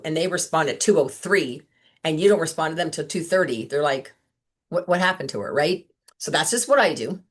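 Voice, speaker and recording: A woman sales director giving a chatty, upbeat training talk to her team on a video call, full of asides and quick questions. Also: deep voice. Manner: chatty, upbeat, lots of "like" and "right?". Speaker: sales director coaching consultants.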